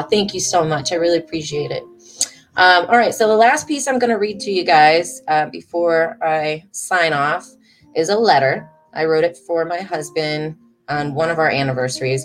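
A woman in her thirties hosting a livestream from home, chatting with viewers and reading her own writing aloud. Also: sits low. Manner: emotional, chatty, reads aloud warmly. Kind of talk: casual livestream chat and poetry reading.

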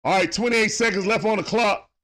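A man hosting a sports talk livestream, giving casual play-by-play as he watches a game, shouting at big plays and greeting viewers. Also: high voice, fairly quick. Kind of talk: live play-by-play watch-along commentary.

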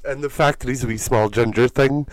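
A man's voice: medium pitch, steady tone. A man, a podcast guest chatting in a giggly, teasing way. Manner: giggly, teasing, quick to laugh. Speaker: podcast guest, drag performer. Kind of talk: casual comedic chat.

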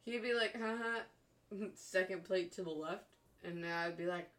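A young woman co-hosting a casual chat, animated, laughing often and swearing constantly. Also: on the low side, a little slow. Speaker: podcast co-host.

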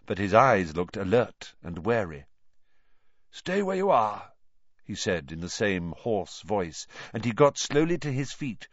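Expressive low-voiced male narrator. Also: no room sound, dull audio. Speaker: audiobook narrator. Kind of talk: scripted narration of a novel.

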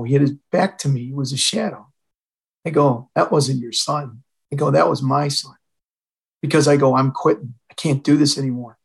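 Poor audio carries a slightly high, gravelly, husky male voice. It belongs to an older retired fire chief from Illinois who acts out dialogue while telling a personal story during a podcast interview.

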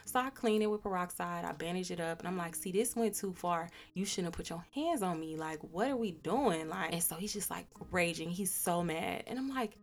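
Young woman, podcast host, fairly low voice, profane candid storytelling, faint music behind. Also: fairly quick, few pauses. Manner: candid, profane, animated retelling with quoted dialogue. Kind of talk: personal storytelling.

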